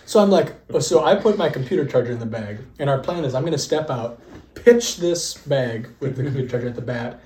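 A man's voice: mid-range voice, fast talker. Young man telling stories with laughter. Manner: lively, laughs often, acts out quoted dialogue. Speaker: podcast co-host. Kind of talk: casual storytelling. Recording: echoey room.

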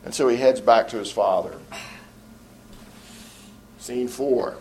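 A male pastor preaching a sermon, often restarting his phrases and slowing to stress key words, letting sentence ends fall low and quiet.

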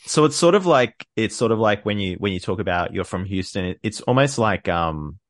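Low-voiced podcast host. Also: male voice, animated, dry recording, studio quality. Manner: curious, quick to laugh. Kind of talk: casual interview chat.

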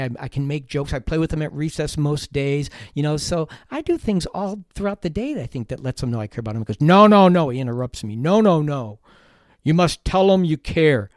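A man's voice: a little high, dry recording, studio quality. Earnest man telling a classroom story. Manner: earnest, animated retelling with self-deprecating humor. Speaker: teacher podcast host. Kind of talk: storytelling monologue.

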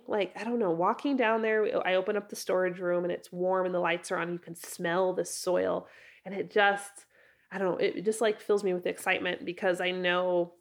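A woman hosting a casual solo podcast, hoarse and raspy from a head cold, chatting and rambling in a friendly way. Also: medium pitch. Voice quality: raspy, froggy. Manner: chatty, rambling, self-correcting with laughs. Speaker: podcast host.

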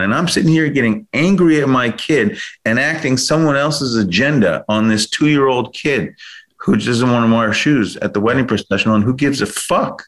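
This guest, a thirtysomething man, shares a personal story frankly, cursing without restraint and rambling through self-corrections as he goes. He speaks at normal speed in a mid-range, fairly bright voice.

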